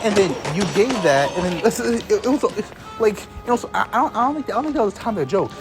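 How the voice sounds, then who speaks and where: Animated young man ranting over music. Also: sits high, quick pace. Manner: exasperated, swearing, laughing, many restarts. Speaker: vlogger. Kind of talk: casual storytelling rant.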